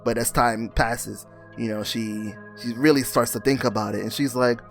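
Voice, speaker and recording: A young man recapping a comic in a casual, animated, slangy way, often laughing as he rants. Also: mid-range voice, moderate pace, gravelly, soft background music. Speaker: comic reviewer.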